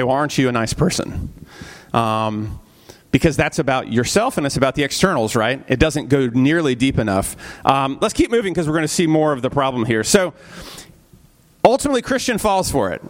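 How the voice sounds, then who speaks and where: A man teaching a church Bible study class in a conversational way, asking the group questions, often adding "right?", and briefly acting out the characters he quotes. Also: a little high. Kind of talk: interactive church class lecture.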